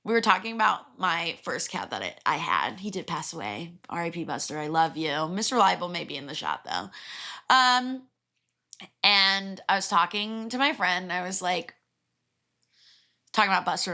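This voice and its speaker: Lively bright-voiced young woman podcaster. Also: fairly low pitch, normal speed. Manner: chatty and crude, laughs often, lively asides. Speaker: podcast host. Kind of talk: casual solo podcast chat.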